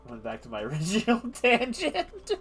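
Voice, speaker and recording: A man's voice: high-pitched, wildly swooping pitch, moderate pace, fairly bright tone. Playful man streaming a game. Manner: playful, rambling asides with frequent restarts. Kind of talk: casual gameplay commentary, reading game text aloud. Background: game music.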